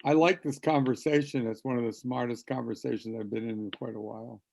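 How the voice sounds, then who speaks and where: Guy with gravelly mellow voice, casual chat on his phone. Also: mid-range voice, steady tone, fast, no echo. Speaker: caller joining a reading. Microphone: cell phone.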